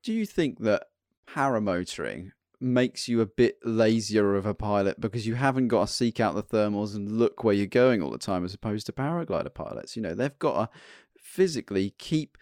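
Relaxed man in casual chat. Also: lowish voice, moderate pace, no room sound, clean studio sound. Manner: relaxed, asks questions, laughs easily.

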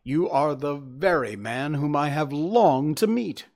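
A man's voice: on the high side, expressive, unhurried, darkish tone. A man playing a frightened, jittery little man in a storybook reading. He pleads and hesitates, and his voice swings up and down with nerves. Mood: anxious. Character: nervous, frightened little man, a hotel attendant. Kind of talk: audiobook character reading.

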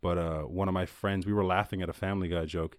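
A young Irish man hosting a casual solo podcast, rambling and swearing freely, acting out quotes in a higher voice. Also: fairly even intonation, fast, no echo, clean studio sound. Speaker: podcast host.

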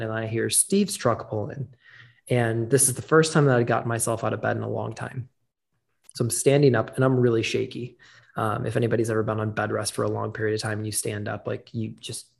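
Young man in his twenties, mid-pitched, casual storyteller, goes quiet and low in heavy moments. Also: creaky. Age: 20s. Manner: casual, many "like"s, drops to quiet low tones in the heavy parts. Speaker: speaker telling a personal story. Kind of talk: storytelling talk.

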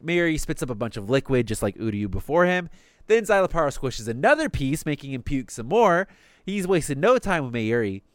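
A man's voice: fairly high pitch, very animated, brisk, no echo, clean studio sound. A man casually recapping anime episodes on a podcast, cursing freely and slipping into the characters' lines. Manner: swears casually, acts out quotes in passing.

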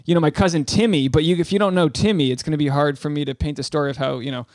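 A man's voice: a little high, racing, no room sound, clean studio sound. Rambling man co-hosting a podcast. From New England. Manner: rambling, animated, self-mocking. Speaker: podcast co-host. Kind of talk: casual chat. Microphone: studio microphone.

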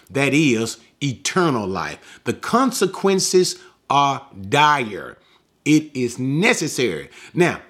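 Emphatic, slow-paced male bible teacher. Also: mid-range voice. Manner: emphatic, repeats key words, asks rhetorical questions.

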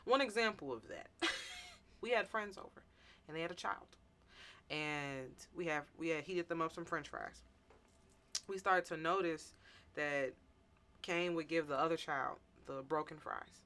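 A woman with a low voice, speaking a little slowly, hosts a podcast and chats casually while telling stories. She's animated, laughs often, and repeats words.

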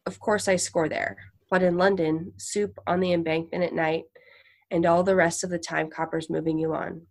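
Woman putting on a husky, tough road boy. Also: fairly low pitch, flat delivery, normal speed, a little mellow. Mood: streetwise. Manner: blunt, fierce, streetwise. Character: frail, husky eighteen-year-old road boy, tough and fatalistic.

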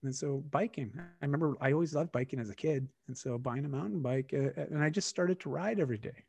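A man's voice: a little high, fast, vocal fry, darkish tone, husky, no echo. A man from Canada telling his own story in a candid, reflective way, often restarting his sentences. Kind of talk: personal storytelling.

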